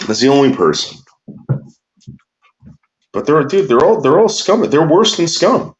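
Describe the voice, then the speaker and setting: A man's voice: on the high side, sing-song, unhurried, highs cut off. A man ranting crudely and bitterly in casual talk, drawling some words and muttering others. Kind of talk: profane casual rant.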